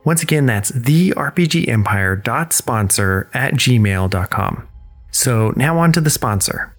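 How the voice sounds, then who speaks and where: A man, the game master and creative director, reading a podcast sponsor ad and intro with promotional enthusiasm. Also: medium pitch. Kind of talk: podcast ad read and intro narration.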